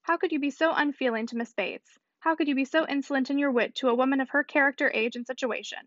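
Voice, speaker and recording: Upright, earnest gentleman, read by a woman, stern, muffled sound. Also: high voice, fast, no echo. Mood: reproving. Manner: earnest reproach. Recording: slightly muffled dry recording.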